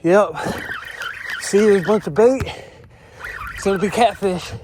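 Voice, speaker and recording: Guy out of breath reeling in fish, kinda high voice, says y'all a lot, faint outdoor noise. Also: unhurried. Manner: excited, drawling, calls viewers y'all. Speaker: fishing vlogger. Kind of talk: casual outdoor narration to camera. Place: outdoors on the water, fishing.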